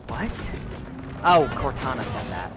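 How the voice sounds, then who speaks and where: A woman's voice: very deep voice, very animated, unhurried, music in the background. A woman streaming a game, chatting with her viewers, joking and laughing often. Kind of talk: casual gaming stream commentary.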